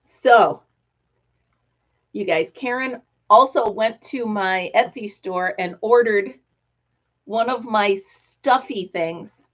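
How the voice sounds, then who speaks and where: A middle-aged woman hosting a casual live stream, talking excitedly and telling stories with quoted voices. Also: medium pitch, slow pace. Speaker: livestream host. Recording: dull lo-fi live-stream audio.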